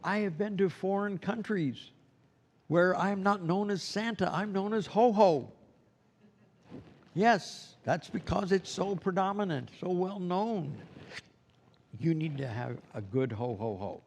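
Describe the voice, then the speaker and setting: A man's voice: sits high, measured pace. A man teaching a Santa training class in a loose, conversational way, often asking the class questions. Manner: conversational, loose, asks the class questions, many "you know"s. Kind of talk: classroom lecture.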